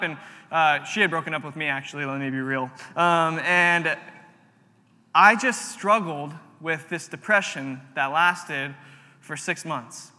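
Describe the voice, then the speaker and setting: Young guy preaching, high bright voice, earnest and personal, big echoey hall. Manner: earnest, personal storytelling with repeated phrases. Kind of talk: sermon. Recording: long reverb of a large room.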